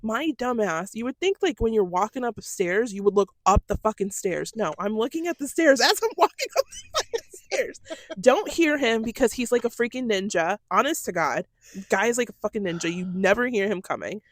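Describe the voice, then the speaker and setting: Animated swearing woman. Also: fairly high pitch, brisk, no echo. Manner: animated storyteller, swears freely. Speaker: podcast co-host. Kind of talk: casual chat. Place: podcast studio.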